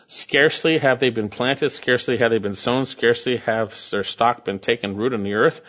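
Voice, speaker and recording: A man preaching a sermon, reading scripture quietly and rising to loud, high emphatic bursts. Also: moderate pace, muffled recording. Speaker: pastor.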